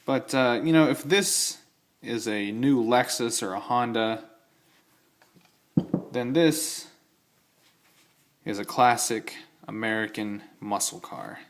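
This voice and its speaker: Speaking slowly with long pauses, a young man with a medium-pitched voice presents his gear, old-style knives and keys, in a casual vlog. He rambles a bit, corrects himself and adds eager asides.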